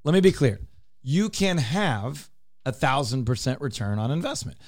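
A man's voice: mid-range voice, sing-song, normal speed, no room sound, studio quality. A man hosting a talk radio show, explaining his points emphatically and repeating them for clarity. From Texas. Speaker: radio show host, real estate broker.

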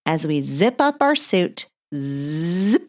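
A woman hosting a children's mindfulness story, gently guiding breathing and movement exercises. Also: fairly low pitch, lively intonation, takes it slowly. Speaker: host of children's mindfulness podcast.

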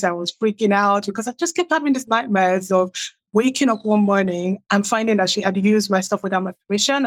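A middle-aged woman from Nigeria, a writer, telling her own story and acting out what others said in a raised, livelier voice. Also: medium pitch. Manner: acts out quoted people with a raised, livelier voice. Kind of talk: animated personal storytelling.

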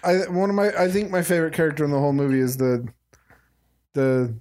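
A man co-hosting a podcast, joining the chat with quick agreements and short takes. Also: on the high side, a little mellow. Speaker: podcast co-host. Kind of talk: casual chat.

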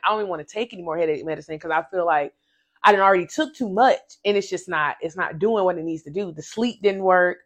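Speaking straight to her audience, a podcast host shares a personal story on her casual faith show, repeating points with animated emphasis. Her voice sits in the mid-range.

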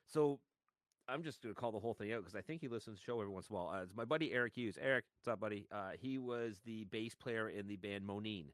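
A man co-hosting a podcast, relaxed and quick to laugh, swearing casually. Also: on the low side, no room sound. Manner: laughs easily, loose and profane. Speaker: podcast co-host. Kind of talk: casual chat.

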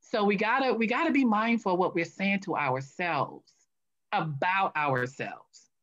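A woman's voice: medium pitch, a little slow, muffled recording. A woman guest telling stories in an interview, acting out what she and others said. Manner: animated, acts out her own past voice. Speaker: guest, author. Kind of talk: interview storytelling.

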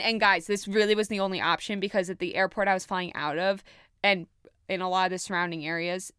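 Smooth-voiced young woman, candid storyteller. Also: mid-range voice, a bit bright, no room sound, studio quality. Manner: emotional, frank, casual swearing. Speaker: podcast host.

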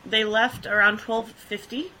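A woman co-hosting a podcast, telling a case in a chatty, relaxed way with easy laughs and fillers. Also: fairly high pitch, unhurried, slight background noise, poor audio. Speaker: podcast co-host. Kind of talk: casual chat, telling a case.

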